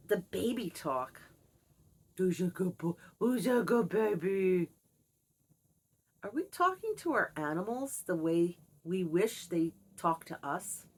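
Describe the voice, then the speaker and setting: A middle-aged woman vlogger with a deep, slightly breathy voice speaks candidly to the camera. In a reflective, confiding monologue, she talks about her childhood and her pets.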